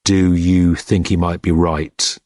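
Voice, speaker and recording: A man voicing a wry, patient detective who speaks quietly and dryly in an audiobook. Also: medium pitch, expressive, takes it slowly, dry recording, clean studio sound.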